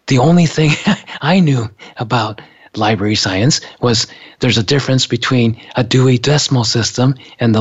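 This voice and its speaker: Man, husky, mid-pitched, chatty storyteller, laughs a lot, muffled lo-fi recording. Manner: relaxed, laughs often, many fillers. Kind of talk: casual storytelling. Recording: dull lo-fi sound.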